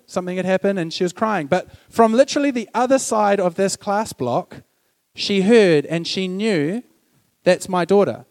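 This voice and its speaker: A man with a high, light voice preaching a sermon in a conversational, storytelling way. He acts out snippets of dialogue and throws questions to the congregation. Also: a little mellow.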